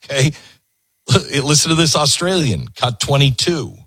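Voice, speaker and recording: A man's voice: a little high, moderate pace, very noisy. A man hosting a talk show, stopping played clips to comment on them emphatically. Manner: emphatic, preachy, cuts clips off. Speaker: radio talk show host.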